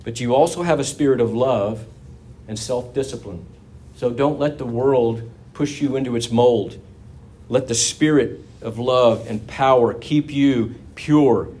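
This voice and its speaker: A man's voice: fairly high pitch, a little mellow. A man preaching a sermon to his congregation in a conversational, folksy manner, with asides to the listeners.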